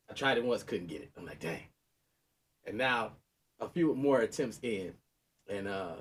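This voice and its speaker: A man in his thirties, a podcast co-host, telling a story in casual chat and laughing often, with a sore knee. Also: mid-range voice.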